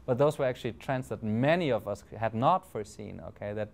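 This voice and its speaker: German-accented man speaking haltingly. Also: mid-range voice, gravelly. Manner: hesitant, many fillers and restarts. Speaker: panel speaker. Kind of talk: conference talk.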